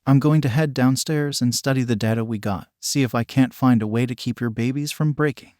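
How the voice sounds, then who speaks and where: A man's voice: medium pitch, fairly quick, a little mellow, no room sound, clean studio sound, natural voice. A man voicing a cheerful, brash young woman inventor in a read storybook.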